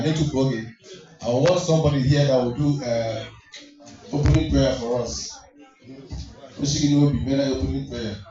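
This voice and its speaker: A man emceeing a community party jokes with the crowd, teasing them playfully while switching between English and Igbo. His mid-range voice comes from far off the mic in an echoey hall, sounding dull under loud music.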